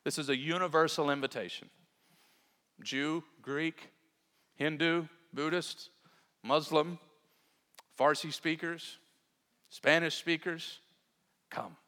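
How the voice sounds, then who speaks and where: A man's voice: a little high, steady tone, slow, long pauses, sharp tone, in a large hall. A man preaching a sermon in an earnest, emphatic way, often turning to talk straight to his congregation. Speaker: pastor.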